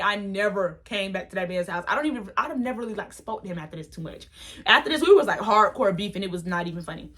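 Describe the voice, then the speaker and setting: A young woman telling a storytime vlog story in an animated, dramatic, slangy way. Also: fairly high pitch. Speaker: vlogger.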